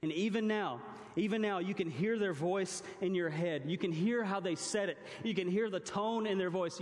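A man's voice: sits high, big-room sound. A young man preaching a sermon to a congregation, telling stories and acting out his daughter's and his own words. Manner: storytelling, mimics his baby daughter and himself. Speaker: pastor.

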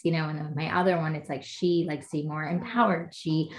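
A woman's voice: low voice, fairly even intonation, a little fast. A woman in her thirties, a podcast guest, chatting casually in a rambling way with many "you know" fillers and acting out quoted dialogue. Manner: earnest, acts out quoted dialogue. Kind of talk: casual chat.

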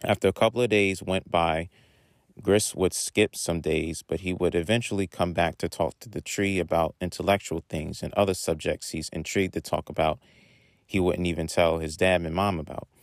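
Guy reading a story out loud, real low voice, plain and steady. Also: moderate pace, gravelly, no room sound.

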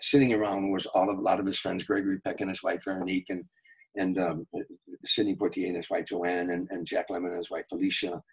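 Husky older man telling anecdotes. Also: sits low, rough recording. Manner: animated anecdotes with quoted voices. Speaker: guest, entertainer. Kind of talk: storytelling in a podcast interview.

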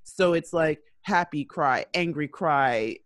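A woman hosting an interview, chatty and animated, acting out quotes as she talks. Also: low voice, slow, no room sound, studio quality. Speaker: host. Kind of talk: casual interview talk.

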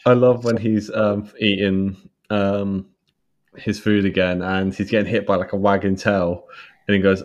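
A man with a low voice retells film scenes in a relaxed podcast chat. He laughs often and pitches up when he quotes the characters. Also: moderate pace. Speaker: podcast co-host. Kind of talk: casual film review chat.

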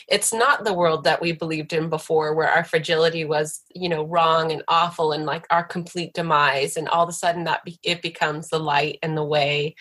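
A woman's voice: on the low side, a bit bright. A woman hosting a podcast interview, musing earnestly before she asks a question. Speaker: podcast host. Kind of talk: reflective interview talk.

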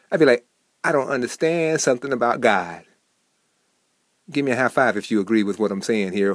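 A man hosting a short devotional program, preaching with lively swings between soft and emphatic delivery. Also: medium pitch, no room sound, studio quality. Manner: animated, swings from soft to emphatic, acts out quoted people.

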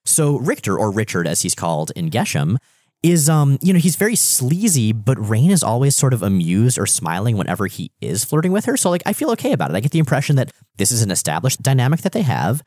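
A man co-hosting a podcast, chatting about comics in an animated, wry way. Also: medium pitch, fast, dry recording, clean studio sound. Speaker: podcast co-host. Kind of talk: casual comic-book chat.

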